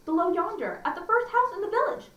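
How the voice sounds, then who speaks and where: A woman's voice: extremely high pitch, animated, fast talker, fairly bright tone, muffled recording, voice pushed up. A woman voicing a cheerful, innocent little country girl in a read-aloud storybook, recorded with roomy echo from a distance. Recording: roomy echo, distant mic, faint hum.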